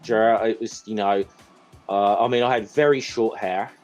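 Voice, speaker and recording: A man's voice: lowish voice, steady tone, measured pace, a little mellow, lo-fi sound. Guy rambling on a group call, lots of ums, swears a bit, faint music behind. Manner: rambling, hesitant, swears casually. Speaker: podcast guest. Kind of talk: casual group chat.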